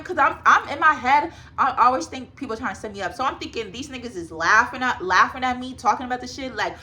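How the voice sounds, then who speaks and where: A woman's voice: high voice, expressive, a little fast, few pauses, bright, forceful tone, slight background noise. A woman in her twenties telling a personal story to her viewers in a casual, emphatic storytime vlog. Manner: chatty, emphatic, talks straight to viewers. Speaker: vlogger.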